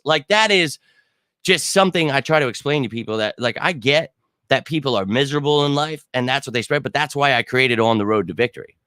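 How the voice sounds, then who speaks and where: A man's voice: on the high side, a bit bright, no echo. A man in his thirties hosting a fan show, ranting in a brash, heated, profane way and talking straight to his viewers. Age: 30s. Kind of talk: livestream rant.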